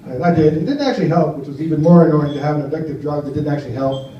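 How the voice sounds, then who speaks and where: A man's voice: fairly high pitch, very fast, slight background noise. An American man doing a stand-up comedy set in a small cafe, telling stories in a dry, offhand way with lots of fillers. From United States. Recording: echoey room, distant dull mic.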